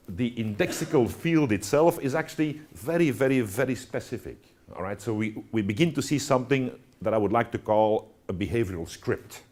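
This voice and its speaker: A man gives a university lecture to students, full of fillers and restarts, checking in with "all right?". His voice is medium-pitched and a little mellow.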